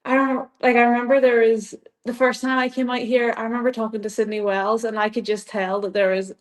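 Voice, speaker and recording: A woman's voice: fairly high pitch, little pitch movement, a little fast. A young woman with an Irish accent, a guest chatting casually in an interview, rambling with lots of "like" and frequent laughs. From Ireland. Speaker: guest athlete.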